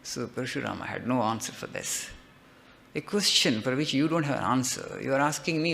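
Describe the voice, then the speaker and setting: A man's voice: medium pitch, lively intonation, a little fast, gravelly, a bit bright. A man, a monk giving a spiritual discourse, retelling a legend with frequent "okay" checks and rhetorical lists.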